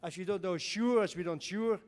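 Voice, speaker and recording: Measured man explaining in an echoey hall. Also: sits high, a little mellow. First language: not English. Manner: measured and explanatory, non-native phrasing. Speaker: seminar co-presenter. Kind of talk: explaining to an audience. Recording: echoey hall with faint noise.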